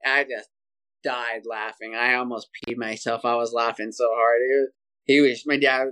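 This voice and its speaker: A man talking as a podcast guest, telling a story in an animated, energetic way and saying "dude" often, over a video call. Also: medium pitch, moderate pace, clear, resonant tone. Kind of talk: casual storytelling interview.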